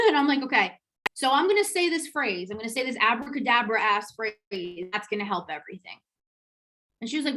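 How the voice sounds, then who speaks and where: A woman hosting a podcast, telling a personal story in a candid, lively way, swearing casually and laughing as she retells it. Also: on the high side, a little fast, low-quality recording. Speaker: podcast host.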